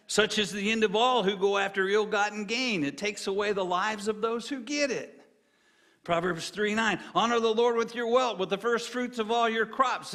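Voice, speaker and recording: A middle-aged man preaching as a guest preacher, telling folksy jokes and dropping low and quiet for serious points. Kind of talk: sermon with jokes.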